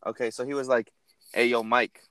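A young man in casual conversation, rambling through an animated story and cursing freely. His pitch sits mid-range for a man. The sound is close and dry, with no room around it. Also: brisk, clean tone, dry recording. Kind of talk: casual chat.

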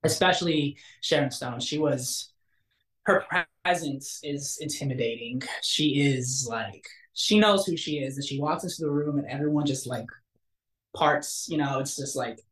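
A young man, an actor, telling a story in a casual interview, animated and acting out the quotes. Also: unhurried. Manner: animated, acts out quotes with big pitch jumps. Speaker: actor guest. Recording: roomy echo.

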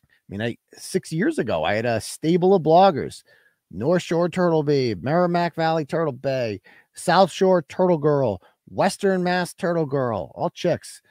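A man's voice: a little high, very animated, measured pace, darkish tone, no echo, studio quality. A man hosting a live web show, ranting in a brash, profane and combative way and reading out viewer donations. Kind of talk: casual livestream rant.

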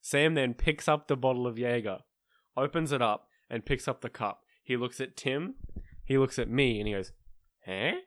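A young man co-hosting a podcast, telling drinking stories in a casual, animated way, laughing and acting out his friends' lines. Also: mid-range voice, normal speed, dry recording. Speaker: podcast co-host. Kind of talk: casual storytelling chat.

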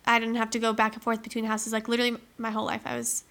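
Bright-voiced chatty young woman. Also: a little high, completely flat delivery, very fast, gravelly. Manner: chatty storyteller, frequent "like", laughing asides. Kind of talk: casual chat.

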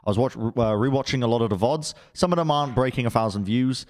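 A man's voice: medium pitch, fast talker. A man in a mid range hosts a casual esports chat. He talks loosely and conversationally and laughs easily. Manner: relaxed, chatty, laughs easily. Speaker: esports podcast host.

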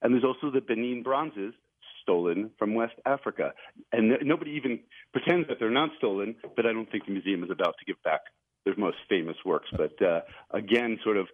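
A man's voice: lowish voice, fairly quick. A man, an author and journalist, talking as a guest in a radio interview, telling his story eagerly and chuckling now and then. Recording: tinny phone line.

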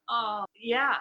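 Bright, chatty woman. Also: a little high, muffled recording. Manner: excited, chatty, rambling with fillers. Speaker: book club podcast member. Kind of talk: casual chat.

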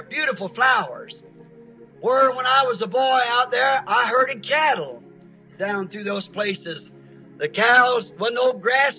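High, bright-voiced folksy preacher. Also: male voice, rough recording. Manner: folksy storytelling with emphatic outbursts. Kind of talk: sermon.

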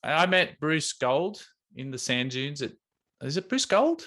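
A man's voice: a little high, big pitch swings, a little slow, fairly bright tone. A man co-hosting a podcast, joking and rambling through stories in casual chat. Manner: jokey, rambling storyteller. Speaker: podcast co-host.

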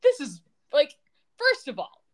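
A woman's voice: high-pitched, huge pitch swings, unhurried. Chatty woman recapping a soap. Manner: chatty, quoting characters in a sarcastic retelling. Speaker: podcast co-host. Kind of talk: casual recap chat.

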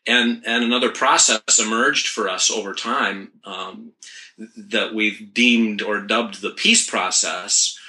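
This is a middle-aged man speaking as a parenting mentor in an interview. His voice sits a little low yet has a bright, forceful edge. He talks thoughtfully and often restarts his sentences. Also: slow pace. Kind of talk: reflective interview talk.

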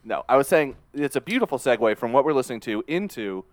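A man co-hosting a music podcast in a loose, casual chat. He hesitates often, filling gaps with ums and uhs. His voice is mid-pitched and sits dry and close to the mic. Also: big pitch swings, fast talker, no room sound. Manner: laid-back, hesitant with many fillers. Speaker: podcast co-host.

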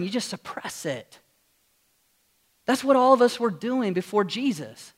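Pastor guy preaching in church, pretty high voice, keeps asking the room questions. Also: very animated, normal speed, a bit bright. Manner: earnest preaching, rhetorical questions to the congregation. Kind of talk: sermon. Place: church sanctuary with screen.

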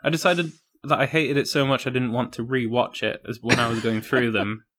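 A man's voice: mid-range voice, steady tone, brisk, a bit bright. Laughing man rambling through a film review. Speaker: podcast co-host. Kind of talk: casual film review chat.

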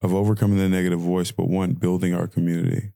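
A man's voice: deep voice, flat delivery, quick pace, creaky, dark tone, no echo, clean studio sound. A young man hosting a podcast, delivering an impassioned audio-diary rant with lots of repeated phrasing. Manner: impassioned ranting, repetitive phrasing. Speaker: podcast host.

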